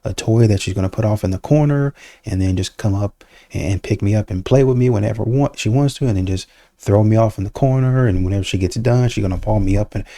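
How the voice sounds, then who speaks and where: A man's voice: lowish voice, fast, dark tone, no room sound, clean studio sound. A young man hosting a reaction video, rambling through argumentative rebuttals in casual commentary. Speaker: host reacting to clips.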